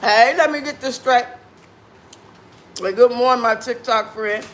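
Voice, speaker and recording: A man's voice: very high-pitched, measured pace, a bit bright. A man hosting a casual livestream while eating, talking with food in his mouth and trading blunt, sassy trash talk with his chat viewers. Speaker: livestream host.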